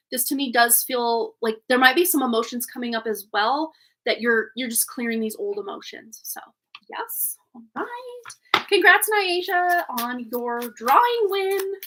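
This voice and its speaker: Female livestream host with a high voice, casual and warm with her viewers, chatty and quick to laugh. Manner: chatty and affectionate, with lots of little laughs. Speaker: tarot reader and livestream host.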